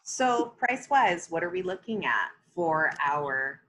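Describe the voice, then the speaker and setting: Bright, crisp-voiced woman co-host with a playful manner. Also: on the low side, sing-song, unhurried, rough recording. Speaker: wine show co-host. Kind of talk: casual video-call chat.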